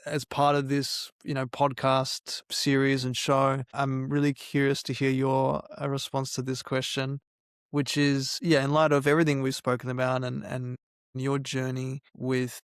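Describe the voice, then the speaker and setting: A man hosts a podcast interview, winding through his questions with hesitant fillers. His voice is flat and almost without melody, smooth but with a gravelly fry, at a middle pitch. The sound is dry and close. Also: unhurried, no echo. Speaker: podcast host.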